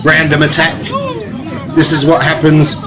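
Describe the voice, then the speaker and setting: A man's voice: fairly high pitch, completely flat delivery, unhurried, crowd noise. A man giving ranting, profane commentary as he reacts to video clips, with mocking laughs.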